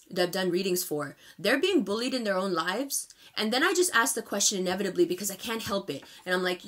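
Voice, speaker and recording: Speaking fairly quickly in a sing-song, medium-pitched voice with a fairly bright tone, a woman in her thirties gives her viewers a monthly tarot reading to camera, full of emphatic, impassioned directness.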